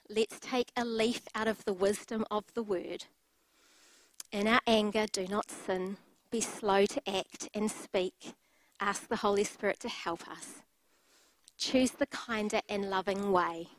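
A woman's voice: medium pitch, a little slow, dry recording, low-quality recording. A middle-aged woman preaching a sermon, telling personal stories in a candid way with light laughter.

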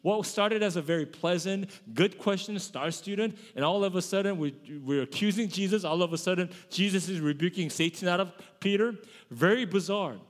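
A man's voice: sits high, brisk, few pauses, in a large hall. A male pastor giving a sermon in a conversational way, often correcting himself mid-sentence. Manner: conversational preaching with self-corrections.

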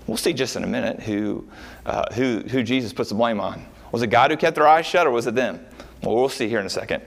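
Male pastor mid-sermon, lively up-and-down delivery, casual asides and rhetorical questions. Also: mid-range voice, brisk, creaky. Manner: animated, rhetorical questions, frequent uh fillers.

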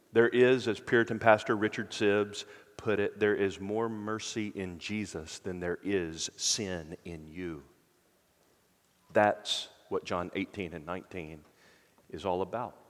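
Man preaching a sermon in a reverberant hall. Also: medium pitch. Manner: earnest preaching, dropping to hushed emphasis. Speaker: pastor.

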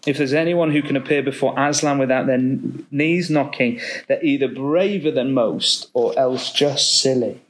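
A man's voice: medium pitch, moderate pace, few pauses, pitched below the performer's own voice, close to an everyday voice, poor audio. A man voicing a homely, motherly female beaver in a storybook read-aloud. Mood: knowing.

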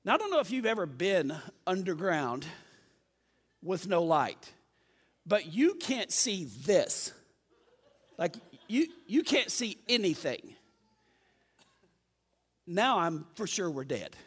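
A man preaching a sermon, telling a story in a lively, self-mocking way. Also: high-pitched, slow pace, pauses often, slightly rough, big-room sound.

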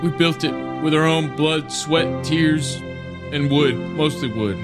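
Rambling deadpan man over loud music. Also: a little high, takes it slowly. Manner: rambling, deadpan mock eulogy, swears casually. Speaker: podcast co-host. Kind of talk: improvised comedic bit.

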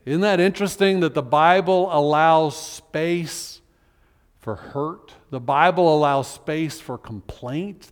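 A man delivers a sermon in a relaxed, talk-to-the-pews manner, easing his pace whenever he reads scripture aloud. His voice sits a little high for a man. The sound carries the long tail of a large church hall. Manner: conversational preaching, reads scripture aloud slowly. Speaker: pastor.

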